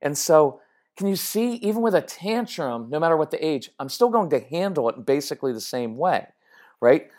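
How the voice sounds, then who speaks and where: A woman's voice: sits low, lively intonation, moderate pace, dark tone. A middle-aged woman speaking as a parenting coach, talking to listeners in a conversational, emphatic way that keeps checking in with them. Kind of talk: direct-to-camera parenting talk.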